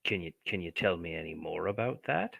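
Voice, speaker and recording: A man's voice: low voice, expressive, fairly quick, creaky, bright, forceful tone, no room sound, heavily acted. A man voicing a barbarian who asks hesitantly and cautiously. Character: young barbarian with fey ancestry.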